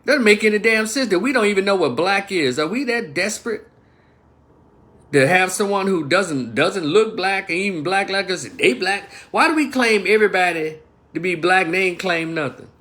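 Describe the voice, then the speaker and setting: A man's voice: high voice, animated, moderate pace, sharp tone. Heated man ranting on a livestream. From Memphis, Tennessee. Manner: heated, profane, addresses viewers directly. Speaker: livestream commentator. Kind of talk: livestream opinion rant.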